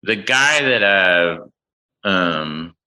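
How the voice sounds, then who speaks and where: A man in his forties from Oklahoma, a guest in casual chat, telling animated stories and acting out the people in them. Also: deep voice, drawn-out words, smooth, low-quality recording. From Oklahoma, USA.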